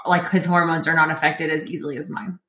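Lower-voiced animated woman in an echoey room. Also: fast, slight background noise. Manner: animated, laughing storyteller. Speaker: guest. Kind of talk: casual interview chat.

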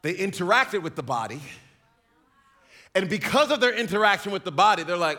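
A man preaching a sermon in a lively, joking storytelling manner. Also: high voice, slow, long pauses. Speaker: pastor.

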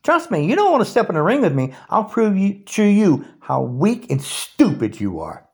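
A man's voice: high-pitched, wildly swooping pitch, normal speed, a little mellow. A man in his sixties delivering an angry, taunting political rant straight to the camera. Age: 60s. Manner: ranting, taunting, challenging. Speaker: video blogger.

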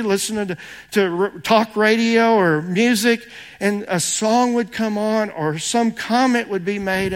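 A middle-aged pastor gives a sermon in a high, earnest voice. He moves between personal stories and slow readings of scripture, and drops softer at times.

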